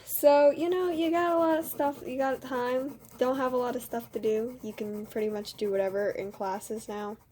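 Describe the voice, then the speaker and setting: A teenage girl with a slightly high voice tells a school story in a loose, chatty way. She keeps restarting her sentences and pads them with "like" and "you know". She laughs at her own past behavior as she goes. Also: fairly even intonation, normal speed, few pauses, mellow, a little hiss or hum. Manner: rambling, full of "like" and "you know", self-mocking. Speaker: student vlogger. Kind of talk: casual storytelling.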